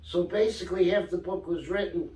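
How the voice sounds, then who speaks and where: Heard through a distant mic in an echoey room, an older Brooklyn-born guest author speaks a little fast in a high-sitting voice. In this casual interview he animatedly shares life stories and acts out the lines of people he quotes.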